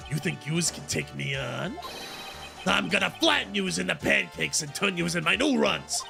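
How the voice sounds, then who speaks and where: A reader voicing a loud, bullying gangster boss who threatens people and says "yous" in a game playthrough. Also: medium pitch, animated, a little slow, vocal fry, music in the background. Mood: menacing.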